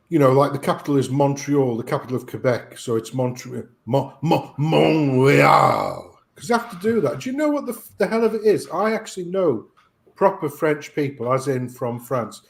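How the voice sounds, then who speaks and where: A British man on a casual chat show, ranting profanely and telling an animated story. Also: mid-range voice.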